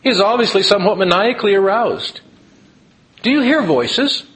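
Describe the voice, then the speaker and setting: A pompous old asylum professor, as a man puts him on declaims his verdicts loudly. The voice is pushed up high and swoops broadly. It sounds like a lecturer mimicking a stuffy academic. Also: lively intonation, normal speed.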